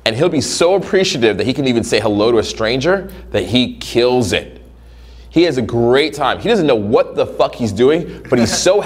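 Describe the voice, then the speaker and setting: A male dating coach talks in a loose, foul-mouthed coaching monologue. His pitch swings widely as he acts out scenes from his students' lives, dropping into voices for them. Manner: profane, animated, acts out scenarios in voices.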